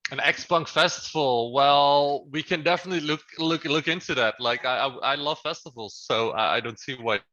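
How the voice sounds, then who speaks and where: Brief: male founder guest, higher bright voice, muffled call audio, hesitant delivery. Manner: halting, many fillers and restarts. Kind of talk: casual interview over video call.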